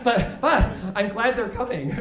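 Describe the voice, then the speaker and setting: A man's voice: sits high, expressive, a little slow, reverberant, a crowd in the background. An older man doing a stand-up comedy set, rambling and self-mocking, with many false starts.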